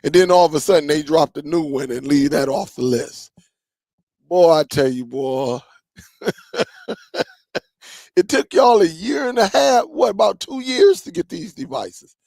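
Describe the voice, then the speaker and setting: Male stream host, unhurried and gravelly, casual slangy banter with chat, dry close sound. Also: on the high side, big pitch swings, darkish tone, no echo. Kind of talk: casual live-stream chat reading comments.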